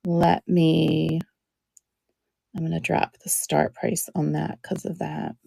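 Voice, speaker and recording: A woman hosting a live jewelry auction stream, chatting in a relaxed way as she describes each piece, with many ums. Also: deep voice, slow pace, vocal fry, slightly rough, dry recording.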